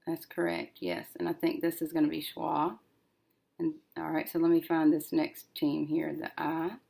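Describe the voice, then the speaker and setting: Woman, teacher, low gravelly voice, slow, sounding out syllables, working at a desk. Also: flat delivery, mellow. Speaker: reading teacher. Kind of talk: recorded syllable-division lesson.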